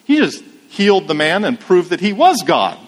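A man preaching a sermon in a measured, emphatic way, asking rhetorical questions. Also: sits high, very animated, in a large hall. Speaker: pastor.

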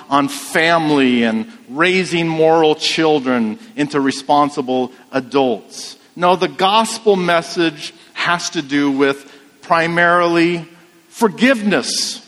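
A man preaching a sermon in a measured, emphatic way, asking rhetorical questions. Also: fairly high pitch, fairly bright tone, long reverb tail. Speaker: pastor.

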